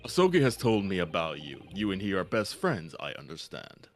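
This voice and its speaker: Guy doing a low gravelly old professor voice, formal and slow, game music faint behind. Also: huge pitch swings. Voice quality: slightly gravelly. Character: elderly formal male forensic professor.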